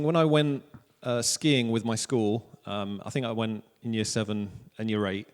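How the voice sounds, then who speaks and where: A man in his thirties with a Welsh accent, preaching a relaxed sermon with jokes at his own expense. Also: medium pitch. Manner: casual, joking, self-deprecating preaching. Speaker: pastor. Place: church hall. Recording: long church hall reverb.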